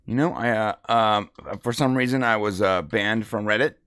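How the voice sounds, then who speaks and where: A man's voice: lowish voice, fairly bright tone, clear, resonant tone, no room sound, studio quality. Rambling male podcast co-host. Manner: rambling, halting with many fillers. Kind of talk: casual chat.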